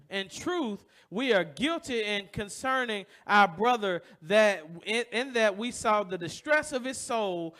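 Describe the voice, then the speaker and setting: A man preaching a sermon to his congregation, telling a personal story and asking rhetorical questions, acting out other people's voices along the way. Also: high voice. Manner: acts out voices in stories, loud bursts. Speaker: pastor. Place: church.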